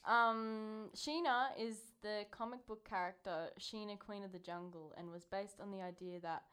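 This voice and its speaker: Smooth-voiced giggly woman co-host. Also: medium pitch, moderate pace, a bit bright. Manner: giggly, reads out facts from notes. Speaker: podcast co-host. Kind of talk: casual chat.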